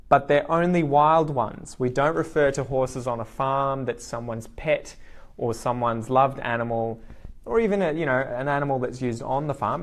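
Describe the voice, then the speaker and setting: A man with an Australian accent teaching slang in a live online lesson, lively and repeating key words slowly. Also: mid-range voice. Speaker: English teacher.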